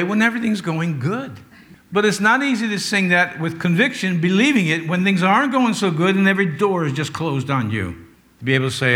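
A pastor delivering a conversational sermon, mixing scripture retelling with humorous asides to the congregation. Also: male voice, high voice, lively intonation, normal speed, bright, forceful tone.

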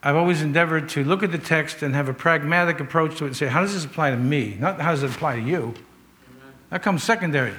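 A man's voice: a little high, fast talker, fairly bright tone. A man preaching a sermon in an earnest, conversational way, telling stories and asking rhetorical questions.

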